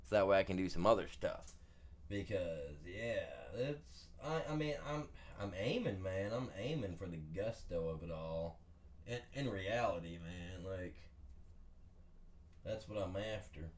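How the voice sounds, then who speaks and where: Male streamer with a lowish voice, loose and joking, talking to viewers through gameplay. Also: lively intonation, measured pace, slight background noise. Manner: rambling and jokey, says "man" constantly. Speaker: game streamer. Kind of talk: casual gameplay commentary.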